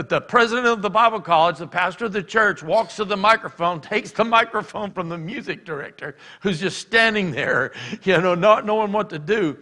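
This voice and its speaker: A man preaching a sermon, telling stories and acting out shouted quotes. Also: sits high. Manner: animated, acts out shouted quotes. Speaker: pastor. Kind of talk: sermon storytelling. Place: church. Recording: church hall reverb.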